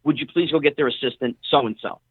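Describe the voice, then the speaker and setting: A middle-aged man, a guest on an interview show, telling casual stories in an animated way and acting out what other people said. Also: mid-range voice, fast talker, breathy edge, dry recording. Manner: animated storyteller who acts out quoted dialogue. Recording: tinny phone-line audio, dry.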